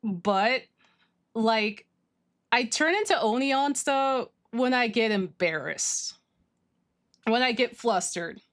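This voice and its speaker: A woman livestreaming, chatting casually with her viewers, gushing and excitable as she reads chat. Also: a little high, slow, pauses often. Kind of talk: casual stream chat, reading chat.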